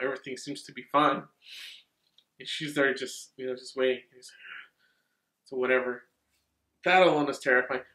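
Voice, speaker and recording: A man reviewing a horror movie in a rambling, excitable way, swearing freely. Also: fairly high pitch, echoey room.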